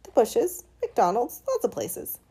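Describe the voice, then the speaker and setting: Woman reader doing a deadpan runaway boy for an audiobook; flat, dry replies. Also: slow pace, creaky, slightly rough, exaggerated voice. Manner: flat, low-key, dry. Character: quiet, glum runaway boy, unbothered. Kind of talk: audiobook character reading.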